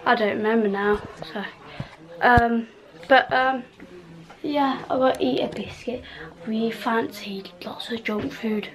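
A British woman films a rambling vlog in her bedroom at home, chatting casually, using lots of fillers and letting sentences trail off. Her voice is slightly high and slightly slow, and the recording is rough.

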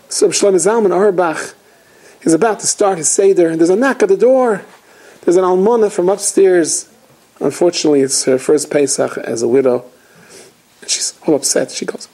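A man's voice: sits high, moderate pace, husky, poor audio. A man, a rabbi, giving an inspirational holiday talk, telling stories animatedly and acting out the quotes. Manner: animated storytelling with acted quotes.

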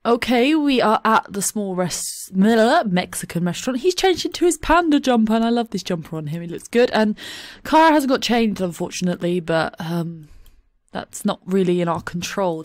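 A woman's voice: medium pitch, darkish tone, no room sound, studio quality. A woman giving chatty, giggly let's play commentary into a desk microphone at home. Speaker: gaming YouTuber.

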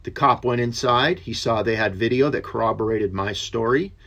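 A man giving a casual, earnest Bible study talk, rambling a little with many pauses and fillers. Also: medium pitch, fairly bright tone, muffled recording. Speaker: lay Bible teacher.

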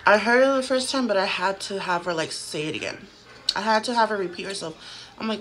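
A woman's voice: mid-range voice, quick pace, a bit bright. A woman in her thirties telling a haunting story to a phone camera at home, casual and chatty, full of "like" fillers. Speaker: vlogger.

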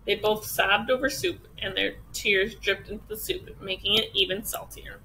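A woman teacher reading a children's picture book aloud with expressive storytelling. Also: mid-range voice, normal speed, a little hiss or hum, low-quality recording.

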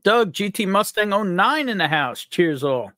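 Upbeat and jokey, a man from upstate New York hosts a live stream and calls out viewers' names from the chat. His voice is a touch high with big, lively pitch swings, a sharp tone and a moderate pace, captured dry with no room echo.

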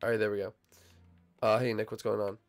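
A young man casually commenting on his gameplay, bantering and teasing his teammates, his voice still a little hoarse as it recovers. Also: fairly low pitch, flat delivery, brisk, soft background music. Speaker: gaming channel host.

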